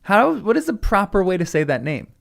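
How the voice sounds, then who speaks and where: American man, gravelly read-along host, chatty and musing, frequent laughs. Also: high-pitched, sing-song, a little fast. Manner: chatty, laughs often, muses out loud. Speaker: channel host reading a book. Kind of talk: read-along with casual commentary.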